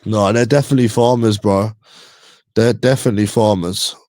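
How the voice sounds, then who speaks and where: A man's voice: fairly low pitch, fairly even intonation, brisk, a little mellow, no room sound. A young man from East London, with its accent, chatting casually with viewers in a slangy, rambling way that often repeats itself. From East London, England. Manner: slangy, repeats himself, loose rambling talk. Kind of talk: casual chat.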